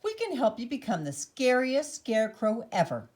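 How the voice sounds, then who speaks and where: A kind tree offers help in a gentle, reassuring way, as a woman reads her lines. The storybook voice moves lively up and down. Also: on the high side, moderate pace, pitched above the performer's own voice. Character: kind, helpful female tree.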